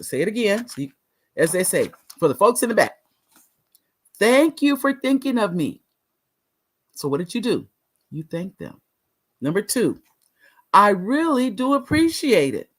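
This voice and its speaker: A woman talk show host and author, teaching viewers how to say no and repeating key phrases for emphasis. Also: medium pitch.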